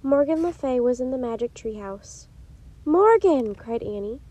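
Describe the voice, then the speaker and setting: A woman reading a children's chapter book aloud in a gentle, unhurried storytelling way, with a few small slips. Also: on the high side, poor audio. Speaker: storytime reader.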